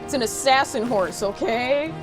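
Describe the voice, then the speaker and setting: A woman streamer chatting casually while playing a game, reacting loudly and reading chat messages aloud, with game music behind her. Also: on the high side, normal speed. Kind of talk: casual live gameplay chat.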